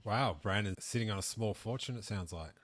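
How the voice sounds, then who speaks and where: A low-pitched man hosts a relaxed podcast chat about collectibles. He rambles, restarts his sentences and leans on fillers as he talks. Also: brisk. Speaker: podcast host.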